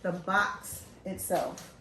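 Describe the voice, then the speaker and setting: A woman from Philadelphia hosting a casual show, talking in an animated, joking, chatty way. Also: on the low side, extremely slow, echoey room, a little hiss or hum. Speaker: host. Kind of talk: casual chat.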